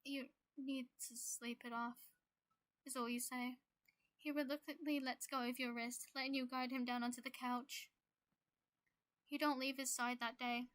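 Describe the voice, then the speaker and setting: A woman's voice: high voice, flat delivery, moderate pace, a bit bright, no room sound. A woman reading a story game aloud, emotional and getting teary. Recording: game music behind.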